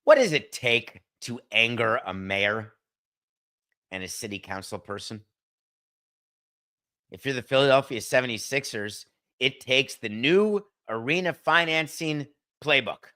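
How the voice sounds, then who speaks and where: Male podcast host, middle-aged, blunt solo commentary, bright and punchy tone. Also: mid-range voice, animated, unhurried. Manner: blunt, sarcastic, talks straight to a producer. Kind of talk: opinionated solo sports and TV commentary.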